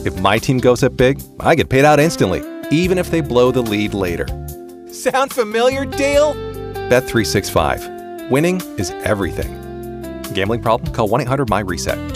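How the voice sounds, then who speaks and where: Man reading a deadpan radio ad. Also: mid-range voice. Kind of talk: scripted radio ad read.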